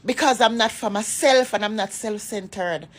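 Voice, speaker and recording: A woman's voice: medium pitch, moderate pace. A woman from Jamaica with a Jamaican accent that slides into patois, giving an impassioned, emphatic rant that scolds her critics. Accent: Jamaican, shifting into patois. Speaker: vlogger. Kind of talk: political rant to followers.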